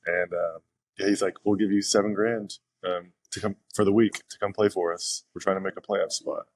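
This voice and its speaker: A young man, a professional pitcher, telling stories casually as a podcast guest, rambling with fillers and restarts. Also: fairly even intonation, normal speed, no echo. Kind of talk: casual interview storytelling.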